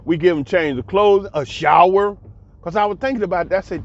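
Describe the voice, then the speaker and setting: A man's voice: sits high, brisk. Blunt, emphatic man ranting on a lo-fi recording. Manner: emphatic, repetitive, blunt and profane. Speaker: commentator. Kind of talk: casual monologue commentary. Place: abroad.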